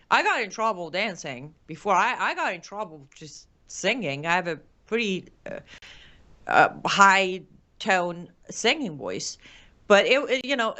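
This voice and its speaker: A woman's voice: medium pitch, pushed and bright. A woman from Iran with an Iranian accent, hosting a live commentary show and reading viewer comments with passion and emotion. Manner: impassioned, emotional, rapid restarts. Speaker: show host.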